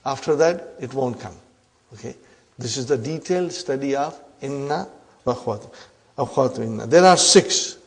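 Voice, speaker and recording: A man teaching Arabic grammar in a slow, drawn-out lecture, often checking in with his class. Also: mid-range voice, animated, breathy edge.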